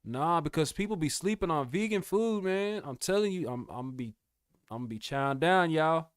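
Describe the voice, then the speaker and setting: A man's voice: on the high side, animated, moderate pace, clean tone, no room sound, clean studio sound. A young man chatting casually with his live-stream viewers, laid-back and slangy, calling them bro and y'all. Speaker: music producer streamer.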